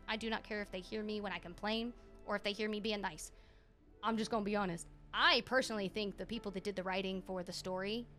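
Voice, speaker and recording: A woman streaming a video game, chatting candidly with viewers in a casual, animated way. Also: mid-range voice. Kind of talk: casual gaming livestream chat.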